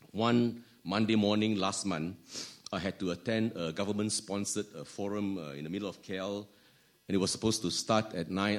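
A man with a Malaysian English accent delivers a sermon in a slightly low voice. He restarts phrases often, repeating words along the way, and lets his key lines sink to a near hush. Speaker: preacher.

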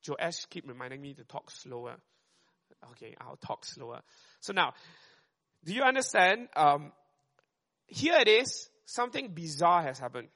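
A man preaching a sermon, talking fast and conversationally and often checking in with "right?". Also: on the high side, big pitch swings, bright, forceful tone.

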